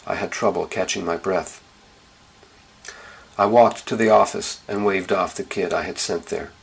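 A man's voice: sits low, fairly even intonation, normal speed, vocal fry, husky, poor audio. A man narrating a first-person story in a plain, understated, blunt way.

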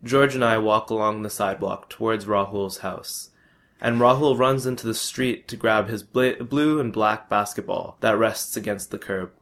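A young man with a somewhat low voice reads a first-person story aloud at a moderate pace. His delivery is steady, matter-of-fact and unadorned.

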